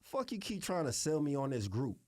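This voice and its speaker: A man's voice: on the high side, sing-song, brisk, darkish tone, dry recording. Laid-back middle-aged man telling studio stories. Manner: laid-back, profane, often adds "you know what I'm saying". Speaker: music producer, interview guest. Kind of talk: casual interview storytelling.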